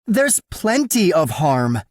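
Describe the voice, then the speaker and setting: A man's voice: sits high, big pitch swings, slow, no room sound, studio quality, pitched above the performer's own voice, heavily acted. A man voicing a flustered young woman.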